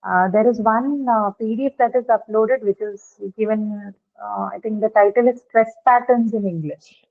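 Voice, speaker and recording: A woman teaching a live online pronunciation class, speaking haltingly with many filler sounds and checking in with her students. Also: a little high, fairly even intonation. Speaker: English teacher. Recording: narrow phone-like online class audio.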